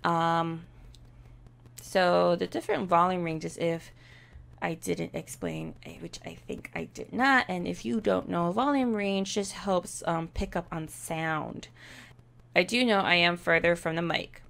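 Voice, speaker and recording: A woman streamer talks slowly and chattily into a desk microphone behind a pop filter. Her voice has a gravelly fry and cracks a little from earlier screaming. She takes her time, pausing as she explains her settings. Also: fairly low pitch, fairly even intonation. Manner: chatty and unhurried, with loud test screams. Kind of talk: casual vlog talk to camera. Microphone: desk USB microphone with pop filter.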